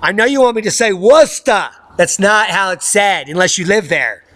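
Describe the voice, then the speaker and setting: A man's voice: sits high, lively intonation, moderate pace, fairly bright tone. A man hosting a weather channel, giving sarcastic, combative commentary on news stories.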